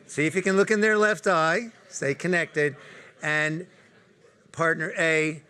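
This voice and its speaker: A man's voice: on the high side, fairly even intonation, measured pace, bright, forceful tone, smooth. A man speaking at a corporate talk, leading a live group exercise and putting direct questions to the audience. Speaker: workshop speaker.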